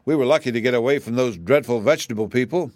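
A man's voice: mid-range voice, fast talker, a little mellow, dry recording, clean studio sound, lightly acted. Man reading a hearty young boy. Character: cheerful young boy companion.

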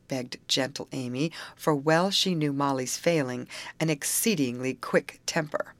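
A woman with a low, grounded voice narrates a storybook, steady and even in her telling. The sound is dry and close, with no room around it. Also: measured pace, no room sound. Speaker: audiobook reader. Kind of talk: scripted narration.

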